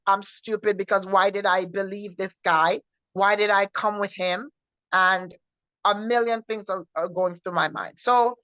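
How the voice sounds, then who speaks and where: A woman sharing her personal testimony in an earnest, halting way, often repeating herself and restarting. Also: mid-range voice, sharp tone, no echo. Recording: dull lo-fi recording.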